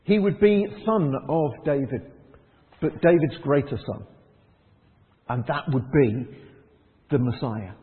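A man's voice: on the high side, slow, pauses often. A man preaching a conversational sermon, asking the congregation rhetorical questions. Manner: conversational, rhetorical questions, acts out quoted voices. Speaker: pastor. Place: church hall. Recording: tinny phone-like sound in a long-echo hall.

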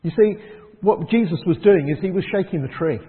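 Preacher guy, fairly high voice, tinny phone-ish sound with long church echo. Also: brisk. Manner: conversational, rhetorical questions, acts out quoted voices. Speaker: pastor. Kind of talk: sermon. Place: church hall.

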